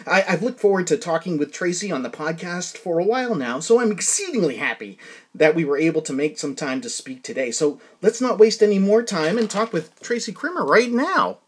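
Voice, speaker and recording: A man's voice: sits high, very animated, fairly quick, husky. A man hosting a podcast interview, talking casually, with frequent restarts and fillers. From New England. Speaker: podcast host.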